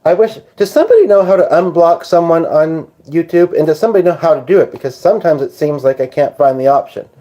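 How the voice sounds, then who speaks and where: A man hosting a late live stream, tired and rambling as he answers viewers and cracks small jokes. His voice is mellow and dark. The sound is dull and lo-fi. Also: a little high, lively intonation, fast talker, hardly any pauses. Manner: rambling, jokey, chatty with viewers. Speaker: livestream host. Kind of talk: casual live-stream chat reading comments.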